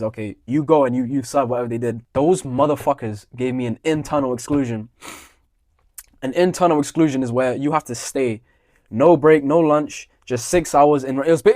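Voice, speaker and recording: A man's voice: medium pitch, no room sound, clean studio sound. A young adult man, telling a profane, heated story in a blunt monologue. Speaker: vlogger.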